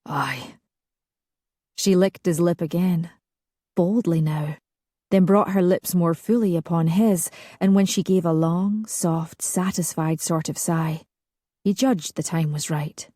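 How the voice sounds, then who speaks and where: A woman narrating a historical romance audiobook in a slow, hushed, sensual reading. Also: lowish voice, fairly even intonation, dry recording, studio quality.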